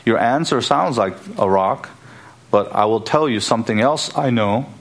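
A man's voice: mid-range voice, expressive, normal speed, natural voice. A man preaching voices a confident male teacher correcting a boastful follower, in a firm and emphatic conversational tone. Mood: firmly assured.

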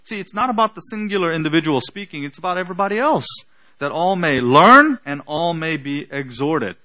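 A man's voice: on the high side, animated, a little fast, poor audio. Emphatic male preacher. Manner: emphatic, rises to loud peaks for stress; trails off quietly at phrase ends. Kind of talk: sermon.

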